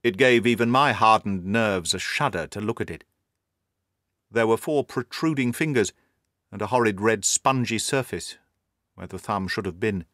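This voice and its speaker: A man narrating a period story in a measured, formal storytelling manner. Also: fairly low pitch, a bit bright, no echo, studio quality. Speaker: audiobook narrator.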